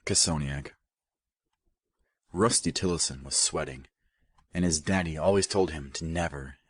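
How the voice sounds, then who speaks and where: A male audiobook narrator with an extremely low, husky voice. He reads steadily and evenly, and the recording is close and dry. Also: a bit bright, no echo. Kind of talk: scripted narration.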